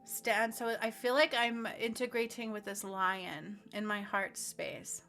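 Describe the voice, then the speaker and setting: Bright-voiced woman leading a healing meditation. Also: fairly high pitch, level tone, soft background music. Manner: slow, earnest, speaking affirmations aloud. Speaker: spiritual healer.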